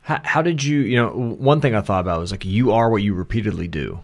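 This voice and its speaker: Halting, reflective low-voiced man. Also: vocal fry. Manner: reflective, halting, many restarts. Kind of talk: casual podcast chat.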